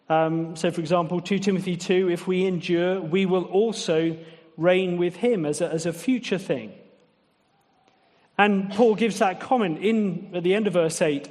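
A man delivering a sermon, chatty and wry, tossing rhetorical questions to his listeners. His voice sits a little higher than most men's, and a long reverb trails each phrase as in a large hall. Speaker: preacher.

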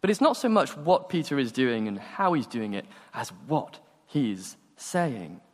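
A man preaching a sermon, telling stories and acting out the dialogue with animated energy. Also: medium pitch, a little slow. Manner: animated storytelling, acts out dialogue. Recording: long hall reverb.

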